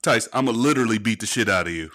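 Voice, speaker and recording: A man hosting a casual chat, telling stories in a lively, jokey way. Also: fairly low pitch, rapid-fire.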